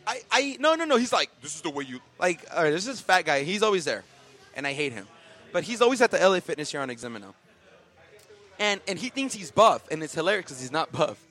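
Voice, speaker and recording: A man's voice: high-pitched, sing-song, quick pace, fairly bright tone. A man co-hosting a casual podcast, ranting profanely with lots of fillers and restarts. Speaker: podcast co-host. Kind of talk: casual comedic rant.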